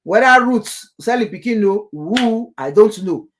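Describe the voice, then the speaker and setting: A woman's voice: mid-range voice, lively intonation, measured pace, slight background noise. A woman with a Nigerian accent, delivering a scolding, opinionated commentary that switches between Pidgin and English, with many filler uhs.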